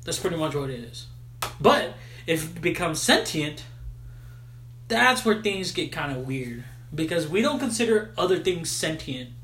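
Man, casual podcast host, lively swooping pitch, slangy, swearing, echoey room. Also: measured pace, slight background noise. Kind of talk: casual film recap chat.

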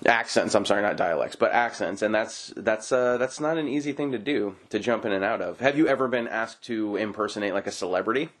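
A man's voice: on the low side, fairly quick, few pauses. A man hosting a podcast interview, asking questions and cracking playful, rambling jokes. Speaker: podcast host. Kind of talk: casual interview chat.

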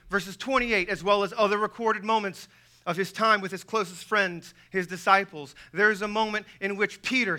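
A male pastor shouts his sermon in a high voice with a very bright, sharp edge. His delivery is emphatic and relentless, hammering the same phrases again and again. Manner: yelling, emphatic and repetitive.

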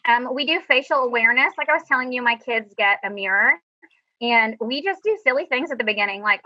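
A woman's voice: fairly high pitch, expressive, a little fast, highs cut off. A woman band director giving a chatty, upbeat, self-deprecating presentation over a video call. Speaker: middle school band director. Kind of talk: teacher presentation over screen share.

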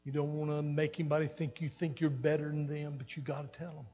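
A man's voice: on the high side, level tone, fast, mellow, highs cut off, slight background noise. An older man pastor preaching an earnest sermon, repeating phrases for emphasis, recorded in a church hall. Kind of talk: sermon teaching. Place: church sanctuary.

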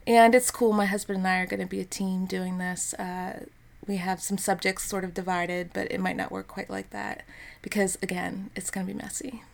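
A woman in her thirties hosting an unscripted devotional podcast, talking in an earnest, encouraging way with soft fillers. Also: medium pitch, level tone, moderate pace, creaky. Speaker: podcast host.

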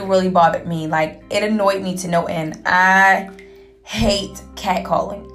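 A young adult woman hosts her own podcast, recounting a personal story candidly. She speaks casually and animatedly with a medium pitch and lots of fillers.

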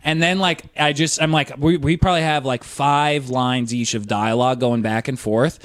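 A man's voice: mid-range voice, fairly even intonation, moderate pace, no echo, studio quality. A young man co-hosting a comedy podcast, telling stories in a rambling, filler-heavy way. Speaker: podcast co-host. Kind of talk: casual comedic chat.

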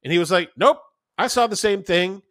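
A man's voice: high voice, moderate pace, dry recording, studio quality. A man in his thirties, a podcast co-host, telling stories in casual chat and swearing freely. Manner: animated storytelling, swearing, acting out voices in quotes.

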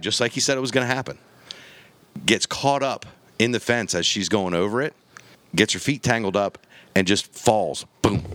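A man with a deep, low voice tells a story in easy, casual podcast chat. He acts out the people he quotes and booms out the gunshots himself. The sound is dry and close. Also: fairly bright tone, dry recording. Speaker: podcast guest telling a hunting story.

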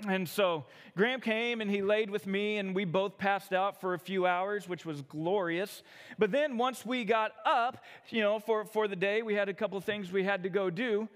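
A man in his thirties with a high, light voice gives a sermon from the pulpit. He tells his own stories in a conversational, self-deprecating way, often stumbling over his words as he restarts. His voice rings out with a long reverb through a church hall. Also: moderate pace. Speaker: pastor. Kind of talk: sermon with personal storytelling.

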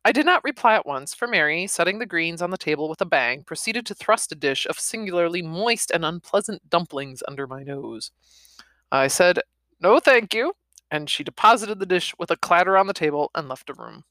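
Woman reading a book out loud, low voice, lots of up and down, dry room. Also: animated, a little fast, dry recording. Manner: chatty, laughs between passages. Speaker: reader. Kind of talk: reading aloud with casual commentary.

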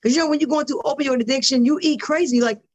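On a podcast, a woman guest tells her story casually and with animation, acting out conversations and repeating words when she gets excited. She has a high-pitched voice and talks fast, and the audio is dull.

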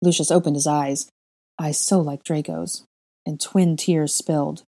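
Low, mellow woman narrating a story. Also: fairly even intonation, a little slow. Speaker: audiobook reader. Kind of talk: first-person fan fiction narration.

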